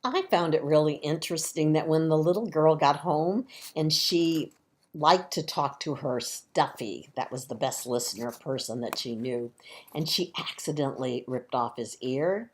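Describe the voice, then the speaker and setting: Brief: woman leading a kids' church talk, low voice, warm chatty explaining. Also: moderate pace. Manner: gentle, chatty explaining to kids. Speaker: children's time leader at church. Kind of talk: children's sermon.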